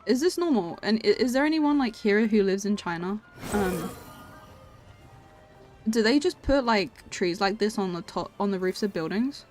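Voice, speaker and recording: Soft music plays behind a young woman whose medium-pitched voice is expressive and a touch mellow. While gaming on stream, she chats playfully with her audience, laughing often and quickly.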